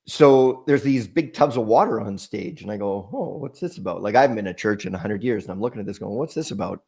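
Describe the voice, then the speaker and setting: A man with a fairly low voice, speaking as a guest in an interview. He tells a heartfelt personal story in a halting way, often restarting and repeating words as he gathers his thoughts. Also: darkish tone. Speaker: podcast guest.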